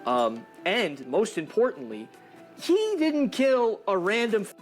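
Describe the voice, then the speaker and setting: A man hosting a political podcast, talking in quick rambling bursts. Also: high-pitched, wildly swooping pitch, faint music behind. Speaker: podcast host.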